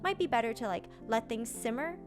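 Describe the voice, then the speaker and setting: A young woman streamer telling a story casually, animated, with lots of "like" and some swearing. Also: on the high side, a little fast, music in the background.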